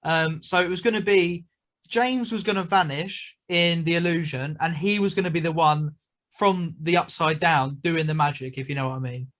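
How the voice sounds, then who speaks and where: A man's voice: fairly high pitch, moderate pace, a bit bright. Chatty young British man telling stories. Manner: chatty storyteller, lots of fillers and asides. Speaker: magician guest. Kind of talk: casual interview chat.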